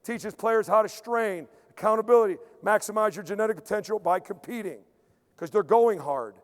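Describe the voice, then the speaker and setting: A man, a strength coach, giving an emphatic conference lecture, repeating key points and dropping into quiet acted-out asides. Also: high voice, normal speed. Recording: long hall reverb.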